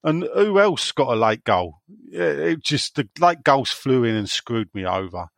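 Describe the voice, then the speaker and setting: A man's voice: medium pitch, very animated, a little slow, creaky, a bit bright, no room sound, clean studio sound. A man from England hosting a casual podcast, reading out listener questions in a rambling, sweary way and laughing often. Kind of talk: casual chat.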